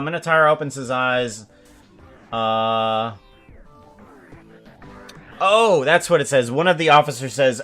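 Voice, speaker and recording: Man, slow thinking-aloud delivery, bright edgy voice, faint music behind. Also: medium pitch. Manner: musing, full of fillers and self-corrections. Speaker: animator planning a script. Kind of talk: thinking aloud while working.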